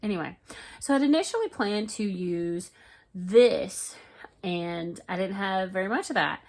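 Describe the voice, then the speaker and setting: A chatty woman talking to camera about her craft projects. She rambles and jumps between thoughts, bubbling with excitement. Her pitch sits in an ordinary middle range. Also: a little slow. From Florida, US. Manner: excitable, rambling, talks to viewers as y'all. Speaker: crochet vlogger. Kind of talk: casual chat to camera.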